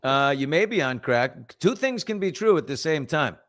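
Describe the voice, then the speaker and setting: A middle-aged man hosting a casual morning talk show, telling stories with lively acted-out quotes. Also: fairly high pitch, normal speed. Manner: animated storyteller, acts out quotes and whispers. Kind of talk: casual storytelling chat.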